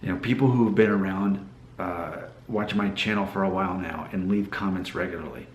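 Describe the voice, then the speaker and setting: A man's voice: low voice, fairly quick, roomy sound, a little hiss or hum, rough recording. A man from Alabama with a mild Southern accent, talking casually to camera in a rambling vlog and asking his viewers rhetorical questions. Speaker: hair loss YouTuber.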